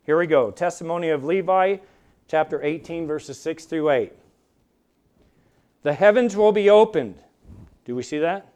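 A man's voice: on the high side, a little slow, long pauses, darkish tone, clean tone. A man preaching a sermon, with emphatic delivery that swells and drops for dramatic effect. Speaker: pastor.

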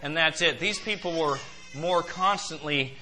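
A man's voice: a little high, a little slow, sharp tone, poor audio. A man preaching a sermon, emphatic, asking the congregation direct questions and repeating words as he presses his point.

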